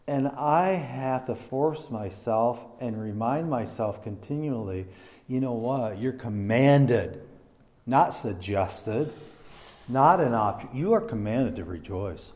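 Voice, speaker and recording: A man's voice: medium pitch, takes it slowly, darkish tone. A man preaching a sermon in a conversational, self-deprecating way, with many restarts and fillers. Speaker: pastor.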